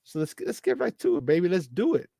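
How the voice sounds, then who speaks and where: Man, sports talk host, high-pitched, hyped, dry close mic. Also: huge pitch swings, fast talker, creaky, no echo. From Chicago area. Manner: hyped, shouting out listeners by name. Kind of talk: morning sports talk show.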